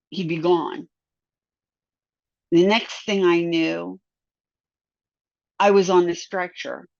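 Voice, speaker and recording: A woman recounting a near-death experience as a personal testimony, halting and often repeating or restarting her words. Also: on the low side, vocal fry, a little mellow, no room sound. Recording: dull, dry lo-fi sound.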